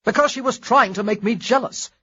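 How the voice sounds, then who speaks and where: Lady reading as a grumpy young gent, short blunt lines, husky voice. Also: on the low side, lively intonation, moderate pace, lo-fi sound. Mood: exasperated. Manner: curt, blunt statements. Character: brusque, exasperated young gentleman.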